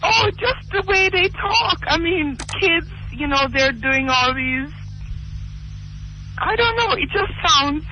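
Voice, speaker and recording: Jamaican woman caller, chatty and indignant, very high voice, dull lo-fi phone call. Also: animated, slow pace, soft background music. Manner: chatty, indignant, laughs easily. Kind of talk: call-in radio chat.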